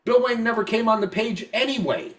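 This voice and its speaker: A drunk man rants on a podcast, swearing constantly and tripping over repeated words as he restarts his sentences. His voice sits fairly high for a man. He is recorded a little far from the microphone. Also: brisk. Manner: profane, repetitive, stammering restarts. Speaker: podcast co-host. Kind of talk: casual podcast rant.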